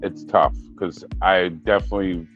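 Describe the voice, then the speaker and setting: Deep voiced podcast dude, cusses nonstop, kinda muffled lo-fi audio. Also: male voice, fairly even intonation, normal speed, a bit bright, faint music behind. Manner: crude, heavy swearing, outbursts. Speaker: podcast host. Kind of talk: casual chat. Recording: dull lo-fi sound.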